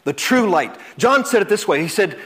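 A man preaching a sermon, earnest, repeating words and swinging from loud emphasis to soft, slow passages. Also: high voice, expressive, breathy edge.

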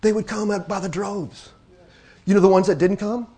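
A man's voice: sits high, fairly even intonation, breathy edge. Man preaching with big swings in intensity. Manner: swings from hushed, slow intensity to loud, fast exclamations; addresses the congregation directly, repeats phrases for emphasis. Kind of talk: sermon.

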